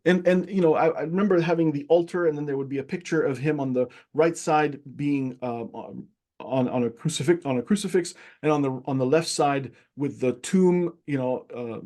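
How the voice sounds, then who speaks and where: A man speaking as a guest, telling a story from his childhood in an animated, casual way with many restarts. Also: on the high side, normal speed. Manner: animated, many restarts, acts out quoted voices. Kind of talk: casual conversation, personal storytelling.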